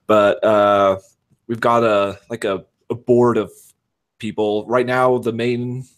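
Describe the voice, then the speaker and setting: A man's voice: on the low side, flat delivery, slow pace. A man chatting casually as a podcast guest, rambling with lots of fillers and poking fun at himself. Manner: rambling, self-deprecating, many fillers. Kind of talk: casual chat.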